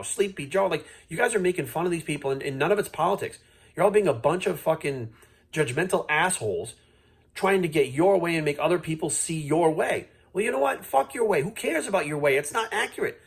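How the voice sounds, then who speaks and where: A man's voice: on the high side, animated, fairly quick, husky. Heated, profane man ranting to camera. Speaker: fitness coach vlogging. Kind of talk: unscripted rant to camera.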